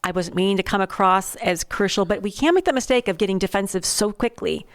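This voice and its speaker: A woman's voice: mid-range voice, quick pace, clean tone, no room sound, studio quality. A woman co-hosting a podcast about marriage, reflective, often voicing quoted lines in conversation. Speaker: podcast co-host. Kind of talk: casual marriage chat.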